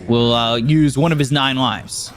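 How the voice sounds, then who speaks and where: A man casting a live esports match, calling the action in quick excitable bursts. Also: mid-range voice, slight background noise. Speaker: esports caster. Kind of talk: play-by-play commentary.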